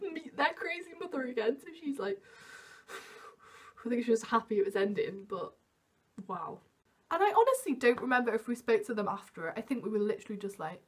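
A young woman vlogging, telling a story in an animated way and acting out the quoted voices. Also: a little high, fairly quick, slightly rough. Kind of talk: storytime vlog.

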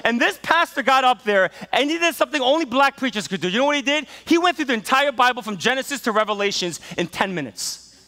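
A male pastor preaching a sermon in a relaxed, storytelling way, full of fillers, that builds to enthusiasm. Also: extremely high pitch, quick pace, big-room sound. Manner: conversational storytelling with many fillers and rising enthusiasm. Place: church sanctuary.

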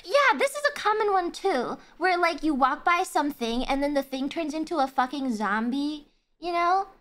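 A young woman streamer chats casually in a high voice that jumps around lively in pitch. She giggles often and swears freely in an animated, loose way. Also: moderate pace.

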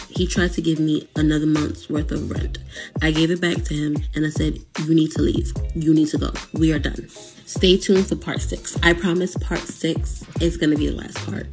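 Woman spilling a breakup story, calm and wry, gravelly fry in her voice, soft music behind. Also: low-pitched. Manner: calm, wry, quotes dialogue. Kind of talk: casual storytelling.

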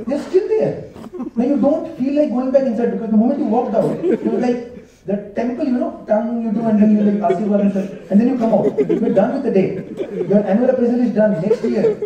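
A man's voice: high-pitched, highs cut off. A young man doing a stand-up comedy set, chatty and storytelling, acting out bits of dialogue. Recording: echoey hall, mic at a distance, audience laughing.

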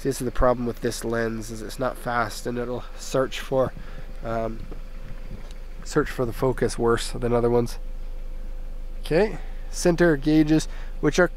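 A man's voice: medium pitch, fairly even intonation, unhurried, pauses often, a little hiss or hum. Chatty man rambling through a car walkaround. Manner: chatty and rambling, with jokey tangents. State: slightly hoarse from a recent illness. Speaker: car import dealer and reviewer. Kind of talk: casual walkaround car review. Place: inside a parked minivan.

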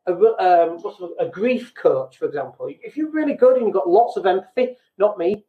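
A man's voice: sits high, animated, normal speed. A British man hosting a business podcast, talking bluntly and casually and poking fun at himself. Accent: British English. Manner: blunt, self-deprecating, acts out quoted people. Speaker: podcast host. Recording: echoey room, tinny phone-like sound.

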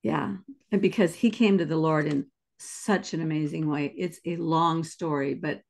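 A podcast host in conversation, with a mid-range voice, telling a personal story quietly and reflectively. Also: medium pitch, fairly even intonation, normal speed, creaky. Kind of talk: conversational interview.

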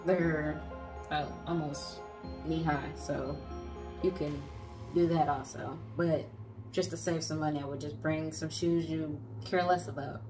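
Playful woman vlogger, lowish voice, music playing clearly behind. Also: steady tone, unhurried. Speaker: travel vlogger. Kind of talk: casual chat.

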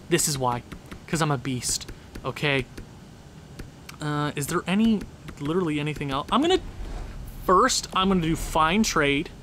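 A man with a somewhat high voice gives loose, running commentary over a video game. He chats straight at the game and now and then bursts into loud laughing shouts. A faint hiss of noise sits under the recording. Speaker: gaming channel host. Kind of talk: casual gameplay commentary.

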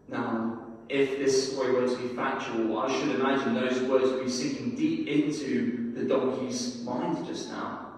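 Male preacher, earnest and fervent, medium pitch, heard from far off in a reverberant church hall. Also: normal speed, a little mellow. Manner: earnest, fervent, addresses listeners as friends. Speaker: meeting leader, preacher. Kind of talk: sermon.

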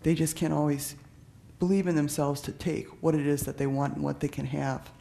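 A man's voice: fairly high pitch, flat delivery, brisk, gravelly, warm tone. A man who is a police officer giving an earnest, conversational public talk, often restarting and using fillers. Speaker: police officer speaking on trafficking.

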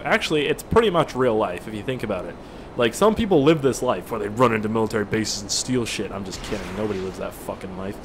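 Cursing freely as he plays, a young gaming channel host rambles and jokes through his gameplay commentary. There's background noise behind his medium-pitched voice.

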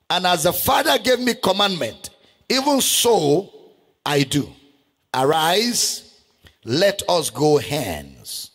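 A man preaching a sermon as pastor, shouting and half-singing scripture verses with great passion. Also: a little high, sing-song, slow pace, husky. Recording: long hall reverb with faint music.

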